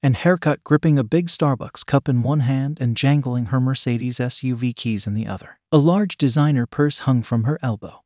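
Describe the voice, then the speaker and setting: A man reading a story aloud as narrator in an even, matter-of-fact way. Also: mid-range voice, normal speed, hardly any pauses, no room sound, clean studio sound.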